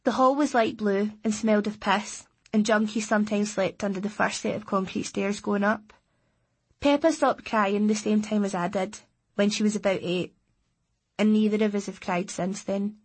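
A woman's voice: medium pitch, steady tone, moderate pace, breathy edge. A woman reading a first-person story aloud in a plain, understated way. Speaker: audiobook narrator. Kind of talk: scripted first-person narration.

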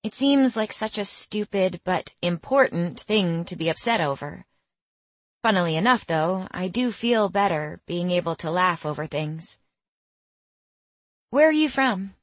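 A young woman narrating a first-person story in a measured, quietly bemused way, in a studio. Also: fairly low pitch, animated, no room sound. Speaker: audiobook narrator.

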